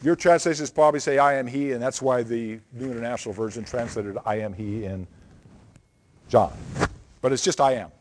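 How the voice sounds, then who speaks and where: A man's voice: medium pitch, brisk, slight background noise. A man preaching a Bible lesson, explaining scripture in an emphatic, teacherly way and often checking in with the listeners.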